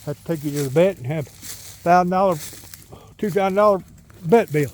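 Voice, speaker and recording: Folksy man, somewhat high voice. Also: moderate pace, darkish tone, a little hiss or hum. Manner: rambling folksy storytelling, talks to his dog. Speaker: vlogger. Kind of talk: casual outdoor vlog. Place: outdoors in the countryside by a pond.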